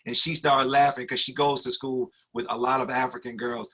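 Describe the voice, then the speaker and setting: Male podcast host, bright forceful tone, playful and teasing, in a studio. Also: medium pitch, little pitch movement, a little fast, hardly any pauses. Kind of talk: casual interview chat. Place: recording studio.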